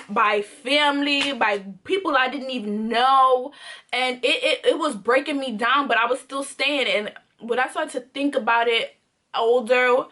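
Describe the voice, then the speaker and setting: Bright-voiced young woman telling a story. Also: on the high side. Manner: candid, emphatic, repeats phrases for emphasis. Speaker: vlogger. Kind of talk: casual storytime monologue.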